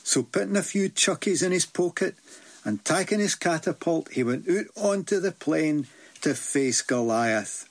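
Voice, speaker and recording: A man with a Scottish accent telling a folk tale in broad Scots dialect, with lively delivery. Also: fairly high pitch, a little slow. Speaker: storyteller. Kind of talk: folk storytelling.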